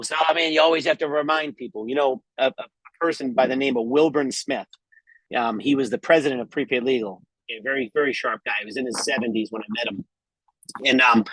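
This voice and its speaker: A middle-aged man with a husky, slightly breathy voice delivers a preachy motivational talk to a group call. He is emphatic and repetitive, and he keeps pausing to ask "okay?" The sound is dry and close, with no room around it. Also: mid-range voice, fairly bright tone, no room sound, rough recording. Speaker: network marketing leader speaking on a group call.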